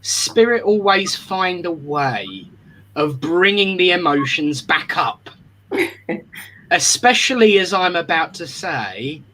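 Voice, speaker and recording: A man's voice: fairly high pitch, sing-song, slow, bright, forceful tone, a little hiss or hum, low-quality recording. A man hosting an online spiritualist service, chatty and affectionate, often restarting his sentences.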